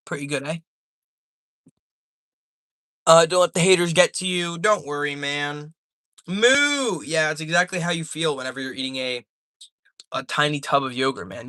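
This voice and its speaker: A man's voice: fairly high pitch, pushed and bright, no room sound, clean studio sound. A young man chatting casually on a live stream, rambling and joking as he reads the chat aloud.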